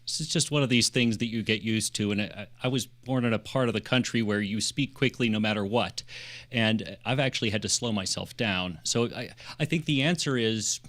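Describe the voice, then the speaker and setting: A man on a video call answering questions as a panelist, relaxed and conversational. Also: lowish voice, normal speed. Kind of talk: casual panel discussion.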